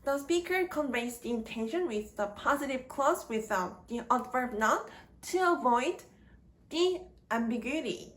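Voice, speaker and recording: A woman giving a scripted grammar lesson, speaking slowly and deliberately in short halting phrases. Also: high voice, expressive, fairly bright tone. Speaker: grammar teacher. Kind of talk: slow scripted grammar lecture.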